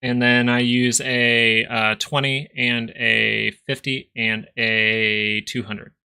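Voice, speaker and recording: A man's voice: medium pitch, flat delivery, takes it slowly, creaky, pushed and bright, smooth. A young man hosting a live stock market stream, giving casual, rambling chart commentary and joking with viewers. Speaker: stock market livestream host.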